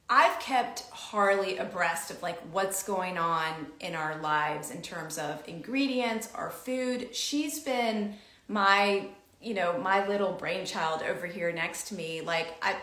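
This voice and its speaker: Bright, animated woman telling a story. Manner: animated, acts out quoted dialogue with big pitch jumps. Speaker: host. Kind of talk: casual storytelling chat. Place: home room. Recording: echoey room.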